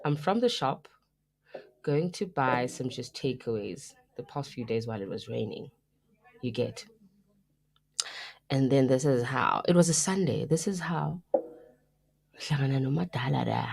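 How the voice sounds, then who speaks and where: A young South African woman co-hosting a live radio show, chatting and telling stories in a lively, casual way. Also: low-pitched, creaky. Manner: chatty, animated storytelling, mixing in local phrases. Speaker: radio co-host.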